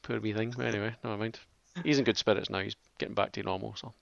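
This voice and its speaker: Scottish bloke rambling on a podcast, gravelly voice, dry muffled sound. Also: male voice, lowish voice, steady tone, quick pace, no echo. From Scotland. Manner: rambling storytelling, laughs easily. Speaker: podcast co-host. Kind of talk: casual podcast chat. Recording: dull lo-fi sound.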